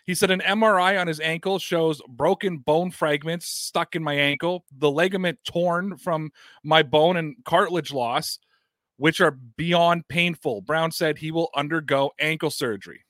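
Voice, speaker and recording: A man's voice: fairly high pitch, measured pace, dry recording, studio quality. A man hosting a sports podcast, going through a news story in casual commentary, talking straight to his audience and reading statements aloud. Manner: animated, talks to the audience directly, recounts and reads out statements.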